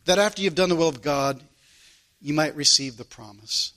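High-voiced earnest male preacher. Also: normal speed, fairly bright tone. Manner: earnest, preaches through a personal anecdote with rhetorical questions. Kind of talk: sermon.

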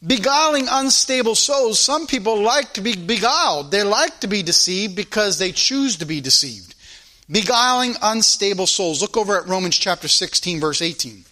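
A man preaching a sermon in a church as a pastor, swinging between loud emphasis and quiet asides, repeating phrases for emphasis. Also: high voice, lively intonation, normal speed. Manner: informal spoken grammar, repeats phrases for emphasis.

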